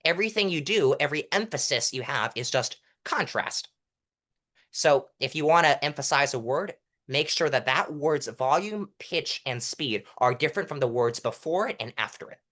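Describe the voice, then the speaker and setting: A young man with a stuffy nose explaining public speaking technique as an interview guest, demonstrating changes in loudness and pitch as he goes. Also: animated. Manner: self-admitted fast talker. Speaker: interview guest, mock trial coach.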